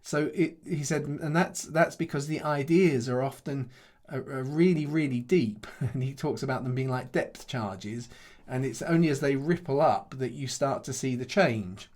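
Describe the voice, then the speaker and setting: A middle-aged man speaks as a pastor taking questions after a talk. He thinks aloud, stumbles over repeated words and chuckles now and then. His voice sits at an ordinary middle pitch. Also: darkish tone. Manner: thoughtful, halting, many restarts and repeated words, chuckles often. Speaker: pastor and Bible teacher. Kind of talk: conversational Q&A answer after a teaching session.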